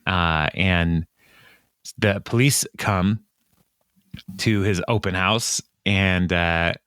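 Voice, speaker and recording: A man co-hosting a podcast, recapping an episode in casual chat, often jumping into a higher voice to act out lines and laughing along. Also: extremely slow, fairly bright tone, clear, resonant tone, no room sound, studio quality. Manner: retells scenes, acting out lines in a raised voice, laughs often. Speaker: podcast co-host.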